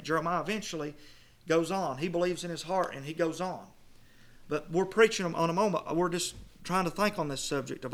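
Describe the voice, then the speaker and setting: A middle-aged preacher with a high, bright voice delivers a sermon. He swells into loud stressed phrases, then drops to a low murmur, and he reads old scripture wording slowly and weightily. His voice has a clear, bright edge.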